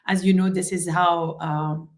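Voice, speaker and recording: A woman's voice: on the low side, flat delivery, measured pace. A woman with a French accent, a rheumatologist hosting a friendly live stream, chatting casually with many fillers. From France.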